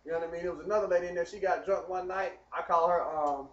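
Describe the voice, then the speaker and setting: A man telling a rambling personal story in casual, animated talk. He speaks straight to the viewer and keeps asking whether they follow. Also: high-pitched, quick pace, dull audio. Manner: animated, talks straight to the viewer, keeps asking "you know what I mean". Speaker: vlogger telling his story.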